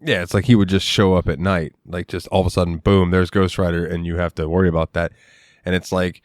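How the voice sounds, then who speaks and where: Man, very deep voice, dry close mic, laid-back, enthusiastic, swears a lot. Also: flat delivery, quick pace, no echo. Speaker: podcast co-host. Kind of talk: casual movie review chat.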